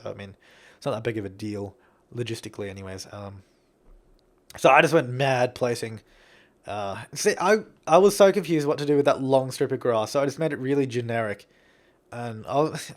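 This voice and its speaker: A young Australian man talking casually over his building gameplay, rambling, chuckling and self-deprecating. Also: medium pitch. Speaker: game builder commentator.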